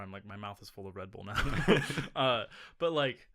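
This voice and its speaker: A man's voice: on the low side, brisk, sharp tone. A man co-hosting a casual podcast, rambling and joking with lots of fillers. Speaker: podcast co-host. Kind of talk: casual chat.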